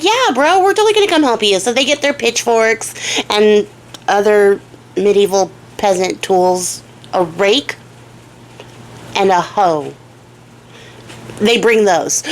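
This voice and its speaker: A young woman retells an old fairy tale in a chatty, slangy style, dropping in swears and side comments to her viewers. Her voice sits at a middle pitch. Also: slight background noise. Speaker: storyteller and craft vlogger. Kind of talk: casual storytelling.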